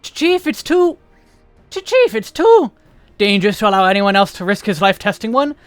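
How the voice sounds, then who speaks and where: A man's voice: big pitch swings, moderate pace, dry recording, faint music behind. A man doing a stammering, panicked young worker. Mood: alarmed. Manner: stammering, high and strained.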